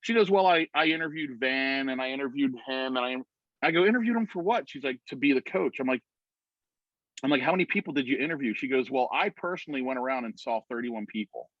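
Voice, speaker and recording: A man telling an animated story on a video call, acting out the voices of other people. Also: mid-range voice, fast, dry recording. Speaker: guest. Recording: dry muffled video-call audio.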